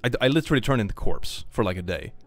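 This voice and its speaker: A man's voice: fairly low pitch, very fast, soft background music. A man from Sweden, chatting playfully on a live stream and reading out supporters' messages. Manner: playful, animated, jokey. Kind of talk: casual live-stream chat, reading donations.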